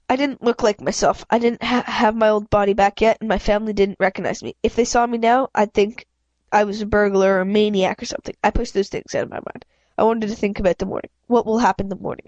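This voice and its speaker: A woman's voice: mid-range voice, a little mellow, no room sound, muffled recording. A woman reading a children's novel aloud in first person, often stumbling and correcting herself. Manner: halting, frequent self-corrections. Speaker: reader.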